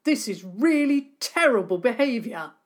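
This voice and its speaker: An indignant grown man , as a woman storyteller puts him on, crying out angrily in a loud, raised voice. It is a children's story reading. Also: fairly high pitch, animated, unhurried, pitched above the performer's own voice. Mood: angry. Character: angry grown man, vegetable grower.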